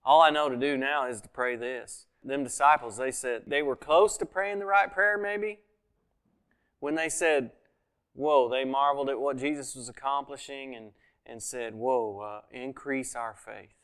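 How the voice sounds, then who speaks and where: Smooth-voiced preacher man. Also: mid-range voice, steady tone, moderate pace. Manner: conversational preaching, acts out quoted speech with sudden loud and soft swings. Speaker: pastor. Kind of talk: sermon.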